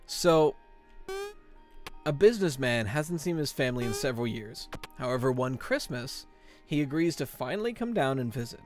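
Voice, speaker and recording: A young man live-streaming a horror game, chatting with viewers and telling groaner puns in an excitable, joking way. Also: medium pitch, music in the background. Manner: excitable, quick yelps of frustration. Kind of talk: live-stream gameplay chat.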